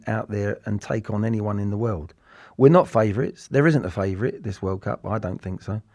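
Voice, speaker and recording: English man, sixties, dark mellow voice, dry close sound, rambling interview chat. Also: lowish voice, no room sound. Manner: rambling, with frequent restarts and repeated words. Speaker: interview guest, former footballer. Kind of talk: casual reflective interview talk.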